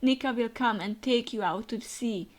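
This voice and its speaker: A woman reading out the lines of a gentle grieving father comforting his son from a comic. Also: fairly high pitch, normal speed, lightly acted. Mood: tender.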